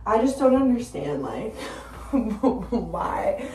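A young woman rambles casually to camera, piling up fillers and swearing freely, with sudden loud bursts. Her voice sits a little high. She sounds distant from the mic, in a roomy space. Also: expressive, normal speed, noisy background. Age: 20s. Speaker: vlogger. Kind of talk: casual chat.

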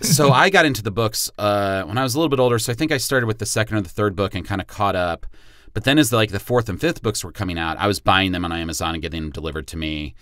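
A middle-aged man guesting on a podcast, easygoing and quick to laugh as he tells stories. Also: fairly low pitch, fairly bright tone, no echo, studio quality. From Chicago area. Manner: easygoing, laughs while talking. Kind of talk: casual podcast chat.

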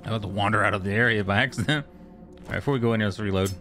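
A man giving casual gameplay commentary, excitable and profane, joking with the characters he meets. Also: lowish voice, racing, a little hiss or hum. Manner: excitable, profane, jokey, talks to game characters. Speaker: gamer streamer. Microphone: studio microphone.

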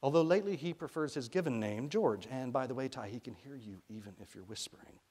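A calm, wry grown man, voiced by a male reader speaks to a curious child with patient, gently amused warmth in an everyday tone. His pitch stays medium, and nothing about him is exaggerated. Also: fast, husky.

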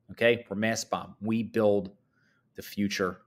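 A man giving morning announcements at a high school in an upbeat, chatty way, swooping up high for emphasis. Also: expressive, moderate pace, fairly bright tone.

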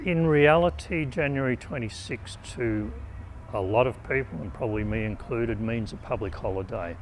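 A man's voice: medium pitch, normal speed. An Australian man answers a street interview in a casual, laid-back way. Faint outdoor traffic sits behind him. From Melbourne, Australia.

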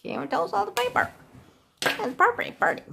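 A woman's voice: very high voice, big pitch swings, fairly quick, creaky, noisy background. A woman craft vlogger in casual, rambling chat, laughing often and swearing freely.

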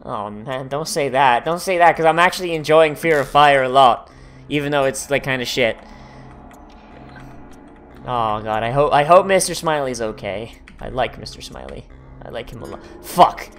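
A man's voice: medium pitch, expressive, moderate pace, fairly bright tone, soft background music. A man doing casual gameplay commentary, swearing often and breaking into frustrated outbursts. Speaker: let's player.

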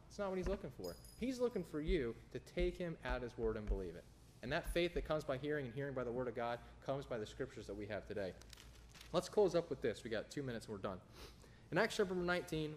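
A young man, preaching a sermon in an animated, conversational way with quick asides. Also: mid-range voice, a little hiss or hum. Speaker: pastor.

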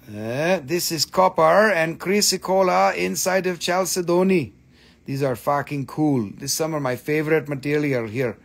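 Hosting a crystal sale on a live stream, a man keeps things casual, cracking jokes, cursing freely, and saying things over again. His voice is a little high, with vocal fry.

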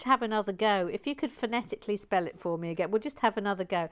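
A chatty woman hosts a building stream, drifting through playful asides and fillers as she reads out comments. Her voice sits at an ordinary middle pitch. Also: quick pace, a bit bright. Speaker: host of a brick-building stream. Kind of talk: casual chat reading out viewer comments.

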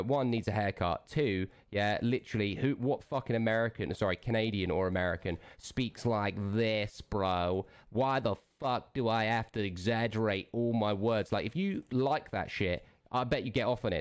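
Male streamer, lower register, combative and foul-mouthed, hammering his point home. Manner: aggressive, profane, repeatedly jabbing "yeah?". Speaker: game streamer. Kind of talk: angry livestream rant.

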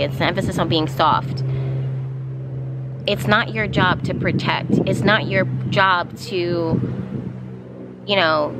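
A woman with a slightly low voice gives an unscripted spiritual card reading outdoors. She wanders through her thoughts with fillers and little laughs. Clear outdoor ambience and passing vehicles sit behind her voice. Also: heavy background noise. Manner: meandering, with frequent fillers and soft laughs. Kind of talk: casual channeled reading.

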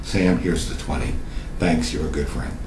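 A man plays an earnest golfer settling a debt at a funeral. He speaks in a low, plain voice. The room adds a roomy echo. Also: fairly even intonation, normal speed, a little mellow, slight background noise. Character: male golfer paying back a debt at a funeral.

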